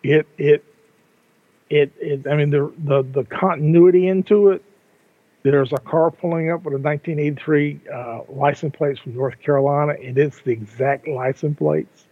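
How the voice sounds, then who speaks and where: A man's voice: on the high side, steady tone, moderate pace, no echo. An older man co-hosting a casual podcast, talking in rambling sentences with frequent restarts and repeated words. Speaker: podcast co-host. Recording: tinny phone-like line, dry.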